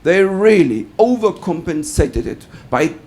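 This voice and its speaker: A man's voice: fairly high pitch, unhurried. A middle-aged man from Germany with a German accent, doing a stand-up comedy routine and telling stories while acting out the voices in them. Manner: animated storytelling, acts out quoted voices.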